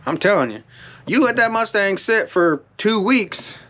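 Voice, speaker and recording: Casual DIY host, male, slightly higher pitch, rambling and winded, easygoing how-to delivery. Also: animated, unhurried, pushed and bright. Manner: rambling, lots of fillers and restarts. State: out of breath. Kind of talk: casual how-to talk to camera.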